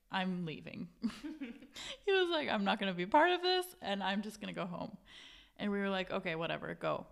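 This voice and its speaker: Young woman, casual storyteller, animated with voices, swears freely. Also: medium pitch, clear, resonant tone. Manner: animated, acts out quotes, swears, laughs often. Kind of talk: casual chat.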